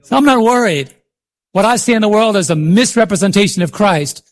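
A high-pitched man preaches with fervor, throwing questions out to the congregation and urging them to answer. His delivery is a passionate sermon, full of calls and repetition. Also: animated, a little fast. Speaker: pastor.

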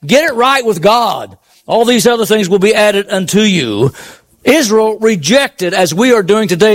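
A man preaching a sermon, emphatic and full of rhetorical questions, swinging between raised exclamations and low murmurs. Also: expressive, normal speed.

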